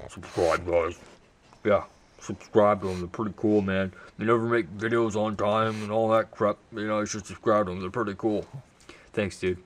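A man's voice: on the low side, fairly even intonation, normal speed. A teenage boy chatting casually in a home vlog, rambling and mocking himself, tired after sports practice. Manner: rambling, self-mocking, many fillers. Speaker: vlogger.

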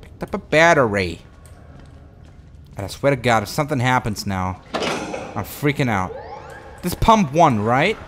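A man commentating a horror game as he plays it, excitable and profane, talking to himself and to the game. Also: medium pitch, measured pace, long pauses, a little hiss or hum. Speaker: gameplay commentator.

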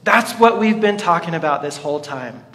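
Speaking at a moderate pace, a pastor with a somewhat high, slightly bright voice and lively intonation jokes his way through a sermon. He talks to the congregation in a playful manner. The church hall adds noticeable reverberation.

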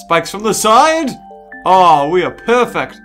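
A gaming host giving excitable let's play commentary, full of squealing exclamations. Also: mid-range voice, slow. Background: game music.

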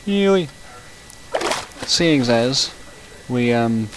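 A man's voice: mid-range voice, lively intonation, extremely slow, background noise. A man giving casual let's-play commentary, rambling and chatty and breaking off to react to the game. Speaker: gaming channel host.

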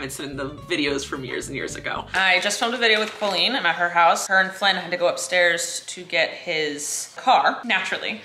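A woman's voice: on the low side, bright, forceful tone. A young woman vlogging casually, telling a story with lots of laughter and acting out both sides of the conversation.

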